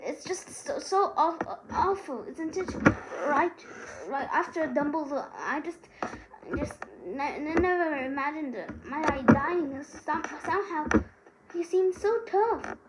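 A woman's voice: sits high, moderate pace, very noisy, lightly acted. A woman voicing an anxious, bookish teenage witch who talks earnestly and stammers. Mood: upset.

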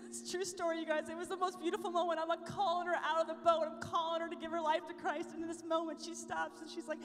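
Woman, very high voice, youth conference keynote, fervent, long hall echo, music underneath. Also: steady tone, fast talker, few pauses. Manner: passionate, rising to fervent prayer.

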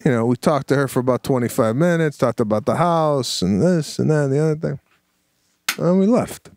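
A man's voice: medium pitch, lively intonation, a little mellow, no echo. A man's voice swings up and down as he tells a story, pressing his points and checking in with "right?" He sits close to the mic in a dry, dead room. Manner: emphatic, drawn-out storytelling with frequent "right?". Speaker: podcast co-host. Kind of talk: casual chat.

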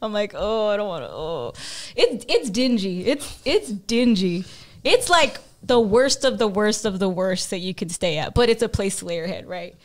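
A woman telling a story in a casual chat, acting out her own quotes with bursts of speed and laughter. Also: mid-range voice. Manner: animated, fast bursts and acted-out quotes, laughing. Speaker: podcast guest.

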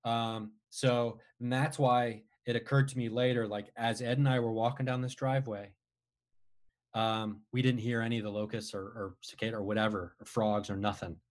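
A man casually telling a long personal story, rambling with frequent restarts and animated retellings. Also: mid-range voice, moderate pace. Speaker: guest storyteller.

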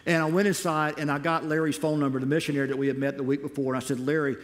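A man preaching to a church, telling his own missionary story in an animated way and acting out what he once said. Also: a little high, racing. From United States. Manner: animated, acts out his own past words. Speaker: missionary speaker. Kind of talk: sermon storytelling. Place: church auditorium. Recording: long reverb in a large hall.

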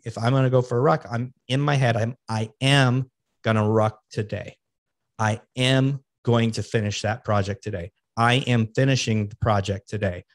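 A man's voice: medium pitch, dry recording, studio quality. Man giving plain-spoken motivational podcast talk. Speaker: podcast host. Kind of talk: casual solo podcast talk.

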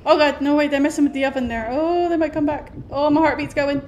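A woman's voice: high voice, fairly even intonation, quick pace, darkish tone, lo-fi sound, slight background noise. A woman streaming a horror game, reacting with sudden exclamations and chatting to the characters and viewers. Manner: jumpy, exclamatory, talks to the game. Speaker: gaming streamer. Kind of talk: let's play commentary.

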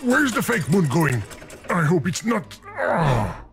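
A fretful, scolding video game comes alive. Its voice sits a little high and leaps up and down in theatrical exasperation, as if the player keeps breaking everything. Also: male voice, wildly swooping pitch, slow, gravelly, full character voice. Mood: sarcastic.

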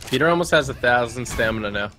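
Fast-talking young man calling the shots. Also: mid-range voice, lively intonation, pushed and bright. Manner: quick, directive, joking. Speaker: co-host gamer. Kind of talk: casual co-op game commentary. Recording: noisy background.

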